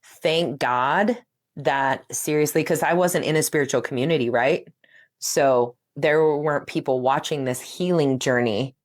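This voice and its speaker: Low-voiced woman telling her story. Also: measured pace. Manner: animated, laughs often, breaks off and restarts sentences. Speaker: podcast guest. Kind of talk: casual interview storytelling.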